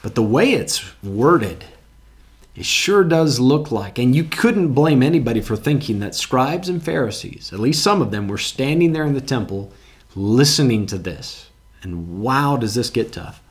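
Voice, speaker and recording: A man's voice: mid-range voice, lively intonation, unhurried. A man preaching a sermon in a church, talking earnestly and conversationally, often repeating words as he goes and reading scripture aloud with emphasis. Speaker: pastor. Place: church sanctuary with congregation.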